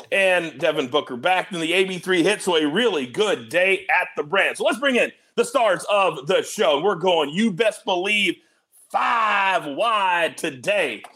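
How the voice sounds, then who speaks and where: A man hosting a sports betting show, animated and joking as he teases his guests. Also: a little high.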